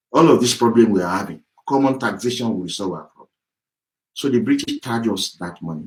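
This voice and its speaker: A man's voice: medium pitch, a little mellow, rough recording. A man giving an impassioned political address as an activist, heated, profane and repetitive. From Yorubaland, southwest Nigeria.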